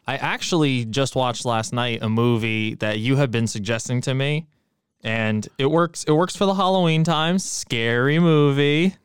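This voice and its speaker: A man co-hosting a movie-review podcast, talking in an easygoing, joking way. His voice is smooth and resonant, and it sounds close and dry with no room echo. He laughs often and keeps the chat light. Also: medium pitch, measured pace. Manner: relaxed, joking, laughs easily. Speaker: podcast co-host.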